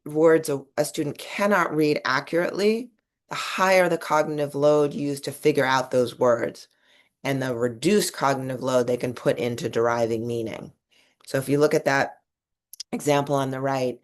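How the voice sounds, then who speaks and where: A woman giving a webinar presentation and explaining her slides step by step, with occasional restarts mid-word. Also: sits low. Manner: explanatory, talks through slides. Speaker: webinar presenter on reading instruction.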